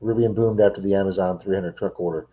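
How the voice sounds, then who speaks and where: A man's voice: low-pitched, fairly even intonation, quick pace, highs cut off. A middle-aged man hosting a casual livestream from home, rambling and answering viewers' chat messages. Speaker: livestream host.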